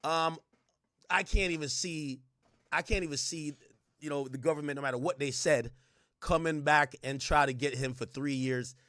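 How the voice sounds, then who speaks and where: A man streaming live reaction commentary in a loud, joking, profane rant. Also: fairly high pitch, fairly even intonation, moderate pace, no echo, clean studio sound.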